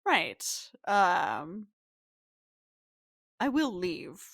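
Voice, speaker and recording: A loud, pompous male mayor barks his demands in a bright, forceful voice, as a woman game master puts him on. The sound is close and dry, with no room around it. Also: sits high, huge pitch swings, very slow, creaky, no echo, heavily acted. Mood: stiffly polite. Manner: loud and demanding, then stiffly polite.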